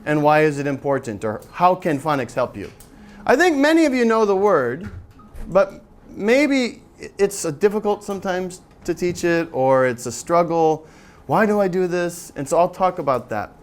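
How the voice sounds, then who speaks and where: High-voiced man joking with a seminar crowd. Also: sing-song, normal speed. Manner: chatty, joking, audience-engaging. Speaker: author and teacher giving a seminar. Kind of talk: live workshop presentation. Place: lecture room with an audience.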